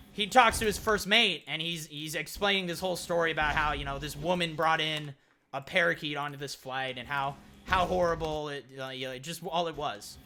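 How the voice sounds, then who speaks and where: Young guy streamer, kinda high bright voice, rambling through a joke, faint game music behind. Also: a little hiss or hum. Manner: rambling joke-teller, acts out quoted voices. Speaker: gaming streamer. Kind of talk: casual storytelling while playing.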